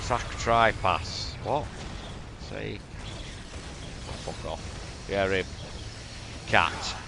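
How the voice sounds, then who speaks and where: A man's voice: lowish voice, drawn-out words, gravelly, background noise. A man with a Yorkshire accent, commentating a replay of his own strategy game in blunt, sweary, exasperated banter. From Yorkshire, England. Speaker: gaming commentator.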